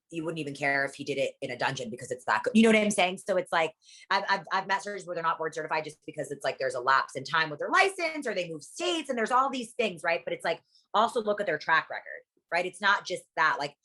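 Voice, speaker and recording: A young woman from Guatemala, employed at a plastic surgery practice, talks in a casual interview as a guest. Her low-sitting voice has a fairly bright tone, and her delivery is rapid-fire, blunt, emphatic and full of swearing.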